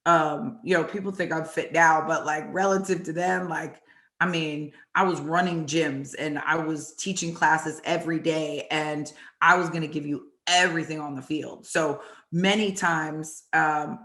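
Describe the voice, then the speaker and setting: Bright-voiced woman telling football stories. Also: low voice, unhurried. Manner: animated, acts out quotes from the story. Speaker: host and former football player. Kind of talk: storytelling chat. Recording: echoey room.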